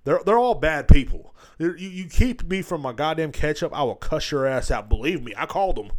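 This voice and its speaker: Profane ranting man with lively pitch. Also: fairly quick. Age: middle-aged. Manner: profane, rambling, mocking voices mid-rant. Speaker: podcast host. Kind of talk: crude comedic rant.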